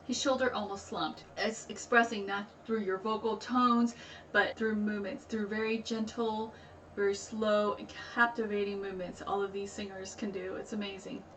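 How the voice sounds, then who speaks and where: A woman's voice: medium pitch, flat delivery, normal speed, a bit bright. A woman reacting to a music video, explaining at length and gushing with enthusiasm. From United States. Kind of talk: casual reaction commentary. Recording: echoey room, distant mic, music behind. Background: music playing.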